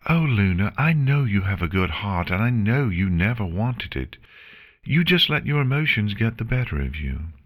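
Gentle, reassuring regal pony princess, a man doing the voice with a lively, raised pitch. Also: moderate pace. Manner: warm, soothing, reassuring speech. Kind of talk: fan fiction reading.

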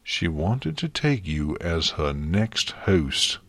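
A man's voice: fairly low pitch, expressive, slow pace, fairly bright tone, breathy edge, dry recording, heavily acted. A man voicing a stern, irritable female pony princess in a storybook reading, speaking harshly and curtly. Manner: harsh, curt. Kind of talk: audiobook fan fiction reading.

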